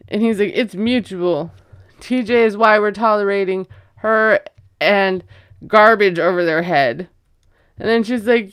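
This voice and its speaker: A woman's voice: medium pitch, takes it slowly, pauses often, fairly bright tone, clean tone, no room sound, studio quality. A woman casually recapping a reality show, chatty and gossipy, acting out quotes and laughing as she goes. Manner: gossipy, retells scenes with quoted voices and laughs.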